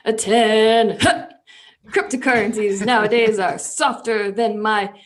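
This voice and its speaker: A woman voicing a gruff female army drill sergeant, barking insults while she keeps breaking into giggles. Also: fairly high pitch, fairly even intonation, slow. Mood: mock barking.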